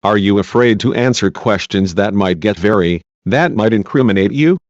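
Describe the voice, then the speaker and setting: Taking the part of a female defense lawyer in a deposition, a man pushes insistently with pointed, repeated questions. He speaks at a moderate pace in a lowish voice close to his everyday one, and the recording is dull, lo-fi, and dry.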